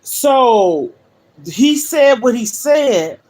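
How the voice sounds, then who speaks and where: Speaking from her living room over a phone livestream, an older woman addresses viewers in a high, slightly mellow voice with lively intonation and drawn-out words. Her emotional monologue comes across earnest and emphatic.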